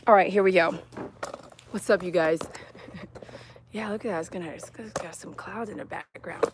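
A woman's voice: lowish voice, moderate pace, noisy background. A woman dog groomer talking outdoors on a live-streamed grooming demonstration, chatty, coaxing and reassuring.

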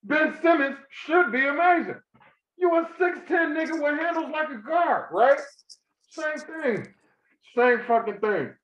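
Heated male podcast co-host, high voice, profane rants; echoey, muffled room sound. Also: animated, measured pace. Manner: ranting, profane, swings loud and high when worked up. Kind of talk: heated casual chat.

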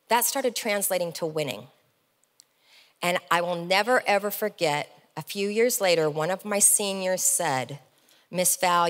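A middle-aged woman giving a motivational keynote speech on stage, telling stories as a lively, animated storyteller with comic asides. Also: medium pitch, in a large hall. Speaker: keynote speaker. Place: large event hall, on stage.

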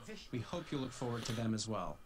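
A man's voice: mid-range voice, very animated, a loud crowd. A man giving a polite, scripted presentation of upcoming games. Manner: polite, measured delivery. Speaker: company presenter.

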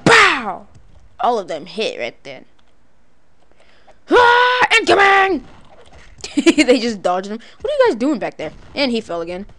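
A woman giving playful, excitable let's-play commentary, letting out cartoonish battle cries and laughs as she fights. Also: medium pitch, a little fast, hardly any pauses. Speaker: gaming video creator.

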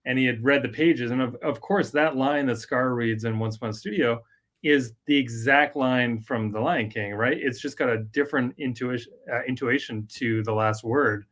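A man's voice: medium pitch, normal speed, a bit bright. A man being interviewed as a director, telling stories in a friendly, upbeat way. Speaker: guest, animation director. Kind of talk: casual interview.

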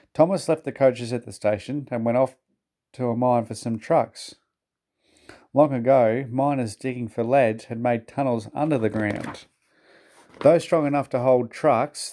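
A man narrates a children's storybook in a measured, gentle way. His voice is mellow and dark, pitched in the middle of the range. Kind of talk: storybook reading aloud.

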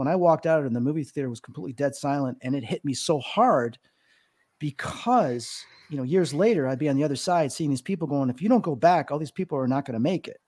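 Earnest man in his fifties, mellow voice. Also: a little high, expressive, fairly quick. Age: 50s. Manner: earnest, emotional storytelling with many fillers. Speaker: psychic medium guest. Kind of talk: podcast interview, storytelling.

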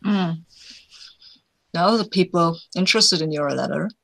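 A woman's voice: lowish voice, unhurried, vocal fry, fairly bright tone, no echo. A woman player speaking as her character in a story game, answering in a dry, unimpressed way.

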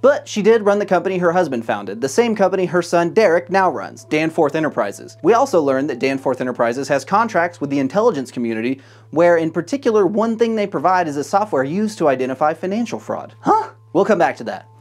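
A man's voice: a little high, very animated, fast talker. Sarcastic man narrating a movie recap. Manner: sarcastic, profane asides.

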